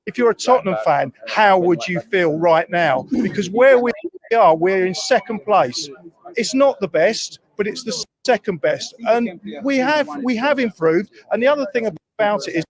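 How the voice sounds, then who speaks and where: A man with a fairly high voice argues his point through a string of rhetorical questions. His clip is played back, with crowd chatter clearly heard behind him. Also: lively intonation, normal speed, rough recording. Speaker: fan in a clip. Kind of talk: clip of a fan commentary.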